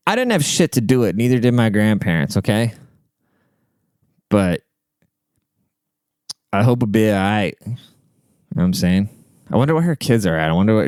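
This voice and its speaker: A man's voice: medium pitch, a little mellow, clear, resonant tone, no room sound, clean studio sound. Rambling, profane podcast host, man. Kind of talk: casual storytelling monologue.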